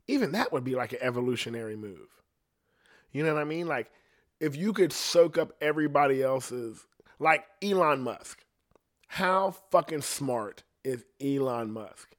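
Rambling profane man hosting a solo podcast. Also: mid-range voice. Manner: loose, profane, rambling with many "you know what I mean". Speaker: podcast host.

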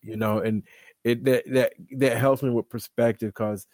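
A man's voice: mid-range voice, steady tone, moderate pace, a little mellow, no room sound. A man co-hosting a casual faith discussion, thinking aloud in a reflective way and laughing easily.

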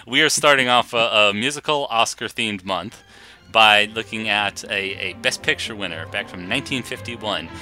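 A man's voice: lowish voice, normal speed, sharp tone, faint music behind. A man co-hosting a podcast, chatting casually with a mocking, sarcastic edge and frequent laughter. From Boston area. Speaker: podcast co-host. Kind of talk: casual chat.

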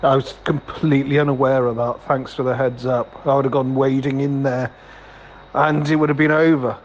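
A man's voice: medium pitch, flat delivery, moderate pace, lo-fi sound, slight background noise. A man in improvised comic chat, swearing and sounding mock-outraged.

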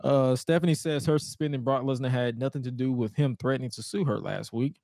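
A man's voice: medium pitch, fairly quick, no room sound. A man co-hosting a podcast, recapping old wrestling shows in a casual chat and acting out the wrestlers' lines in silly voices. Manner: animated storytelling, acts out wrestlers' lines in goofy voices. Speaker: podcast co-host.

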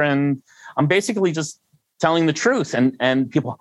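An older freelancer as an interview guest, rambling and self-deprecating with frequent restarts. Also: male voice, a little high, moderate pace, no echo, rough recording. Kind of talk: conversational interview.

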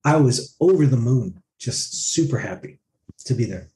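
A male singer speaking in a mid-range voice at a moderate pace recounts a story during a relaxed interview. He's animated, performing other people's words in quotes.

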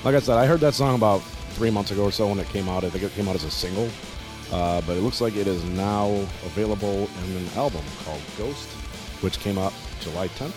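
A man's voice: lowish voice, fast talker, music in the background. A man co-hosting a podcast in casual chat, blunt and opinionated, with plenty of cussing. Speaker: podcast co-host.

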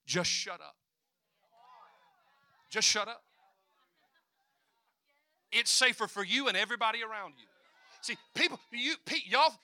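A man preaching a sermon, swinging from quiet asides to loud declarations and acting out voices. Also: sits high.

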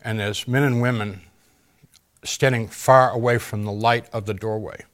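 A man giving an earnest, halting personal testimony in an interview, pausing often and using fillers. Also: on the low side, steady tone. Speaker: interview guest.

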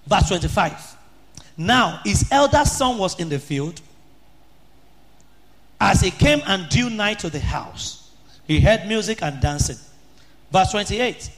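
A man preaching an impassioned sermon, often rising to shouts and sing-song chanting. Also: high voice.

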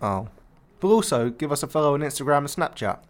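A man co-hosting a radio show, making low-key, dry quips in casual studio banter. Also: lively intonation, fast. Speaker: radio co-host.

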